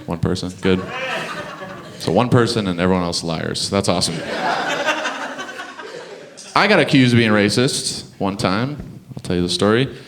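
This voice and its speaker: A man's voice: low voice, moderate pace, long pauses, a bit bright. A young man from Canada doing a stand-up comedy set on a club stage, chatty and chuckling through his punchlines.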